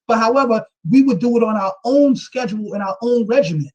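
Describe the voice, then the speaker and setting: A man's voice: very high-pitched, animated, fast talker, a little mellow, poor audio. A man giving casual, emphatic ranting commentary on a vlog, often tagging his points with a rhetorical question. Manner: emphatic, repeats "you know what I'm saying".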